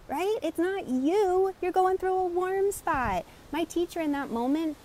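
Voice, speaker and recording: A woman energy coach telling client stories in an animated way and greeting live viewers by name. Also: high-pitched, slight background noise. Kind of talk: live-stream teaching talk.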